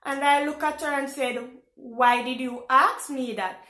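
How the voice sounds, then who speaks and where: A Caribbean woman in her thirties with a Caribbean accent, telling a personal story to camera in a casual, animated way. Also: high-pitched, unhurried, echoey room. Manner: animated, exclaims loudly when retelling reactions. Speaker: vlogger. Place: home in France.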